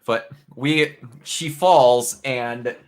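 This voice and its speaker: A man's voice: mid-range voice, extremely slow. A young man casually reviewing a video game with a friend, animatedly retelling scenes and acting out the lines. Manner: animated storytelling, acts out scenes with quotes. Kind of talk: casual spoiler review chat.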